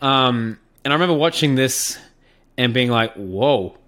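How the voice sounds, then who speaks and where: A man with an Australian accent, co-hosting a podcast in relaxed, joking chat. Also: medium pitch, moderate pace, smooth. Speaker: podcast co-host. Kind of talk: casual chat.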